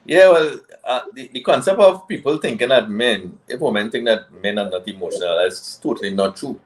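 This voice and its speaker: A man talking on a casual men's panel, relaxed and rambling with many restarts. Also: mid-range voice, a little fast, poor audio.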